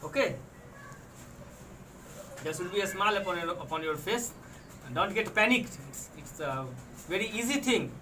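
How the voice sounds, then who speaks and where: Indian English man, very high and bright tone, lecturing on video, patient and repetitive, recorded from a distance with faint background noise. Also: expressive, normal speed, pauses often. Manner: patient, explanatory, repeats and restates points.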